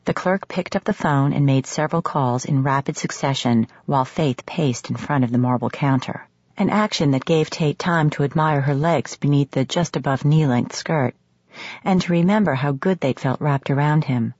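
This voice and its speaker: A woman reads a romance novel in a measured, sultry way, her voice low and husky. The sound is close and dry, with no room around it. The top end is a little dull. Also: darkish tone, dry recording. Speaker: audiobook narrator. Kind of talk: scripted romance narration. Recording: slightly muffled studio audio.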